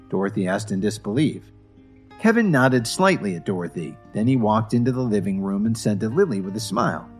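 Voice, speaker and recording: A man narrating a scripted story in an expressive, animated reading. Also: fairly low pitch, a little fast, soft background music.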